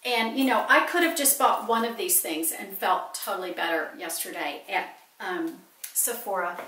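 A woman's voice: mid-range voice, normal speed, sharp tone, a little hiss or hum. Gushing woman in an echoey room. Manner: gushing, chatty, exclaims over cute things. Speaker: vlogger showing purchases. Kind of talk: casual haul chat to camera. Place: home office, indoors. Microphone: camera set on a small table.

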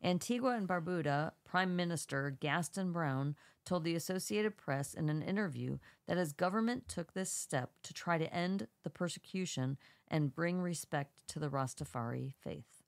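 Woman, low gravelly voice, congested, dry close mic, steady article reading. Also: moderate pace, dry recording. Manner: reads steadily with small stumbles and brief asides. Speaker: podcast co-host. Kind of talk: reading an article aloud, casual.

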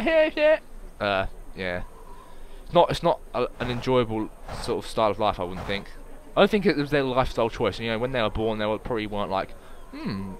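A man narrating his own gameplay in an offhand, unscripted way, swinging his pitch up and down as his mood jumps. He is excitable and swears freely, talking to himself as he builds. A faint hiss of noise sits under his voice. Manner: excitable, swears often, talks to himself while playing. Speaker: gameplay commentator. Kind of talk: casual let's-play commentary.

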